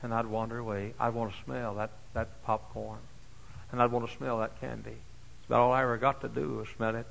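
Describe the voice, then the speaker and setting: An older man preaching a folksy sermon. He tells stories dramatically, moving from hushed asides to high, shouted exclamations. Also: level tone, fairly quick, vocal fry, rough recording. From Dallas, Texas. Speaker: pastor. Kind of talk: sermon with personal storytelling. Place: church.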